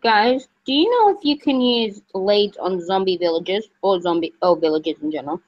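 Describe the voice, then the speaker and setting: A woman's voice: medium pitch, lively intonation, moderate pace. A woman, hosting a casual gaming livestream from her kitchen, chatty and laughing often. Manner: chatty, laughing, frequent "jeez". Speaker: streamer, host. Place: kitchen at home. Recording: dull lo-fi sound.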